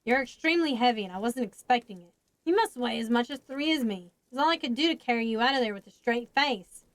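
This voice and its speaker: A woman's voice: fairly high pitch, expressive, quick pace, no echo, natural voice, poor audio. A woman voicing a weary, blunt grown man in a storybook reading, talking plainly.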